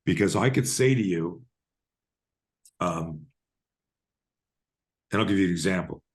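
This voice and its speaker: A man in his fifties who coaches people on fear and self-defense tells stories in a podcast interview, animatedly acting out both sides of each conversation. His voice is low and his pace a little slow.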